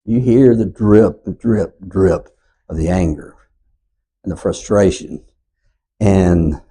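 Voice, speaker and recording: A man in his sixties teaching a church Bible class, telling stories and getting loud and animated when he acts out quotes. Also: sits low, slow, breathy edge, low-quality recording. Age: 60s.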